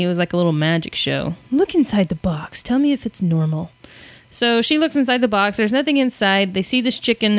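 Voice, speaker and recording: A woman's voice: medium pitch, a bit bright, no echo. A woman casually recapping a comic story on a podcast, chatty and self-deprecating. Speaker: podcast co-host.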